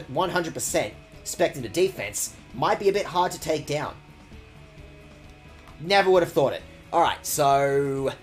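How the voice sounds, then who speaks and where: A man streaming a video game with sarcastic, rambling commentary and mock-outraged asides. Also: a little high. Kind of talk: sarcastic let's-play commentary.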